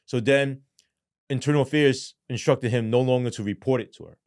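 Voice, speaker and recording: A man's voice: medium pitch, brisk, a little mellow, dry recording, clean studio sound. A man in an interview telling his story bluntly and casually, swearing often and tagging his points with "right?". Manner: blunt, heavy swearing, frequent "right?" asides. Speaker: podcast guest, former police sergeant.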